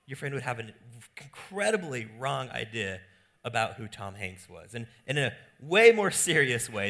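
A young adult man, a pastor preaching a sermon with animated, playful storytelling. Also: medium pitch, normal speed.

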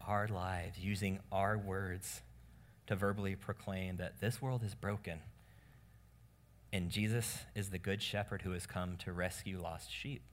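A man preaching a sermon as pastor, animated and casual, acting out voices of the people in the story. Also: low voice, slight background noise. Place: church room with congregation.

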